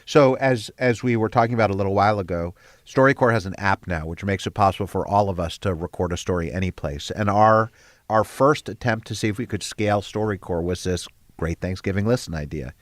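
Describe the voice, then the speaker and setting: A man's voice: on the low side, fairly quick, dry recording. An older man, the head of a nonprofit, telling stories earnestly in an interview, with fillers and restarts. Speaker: guest, head of a storytelling nonprofit. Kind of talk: conversational interview.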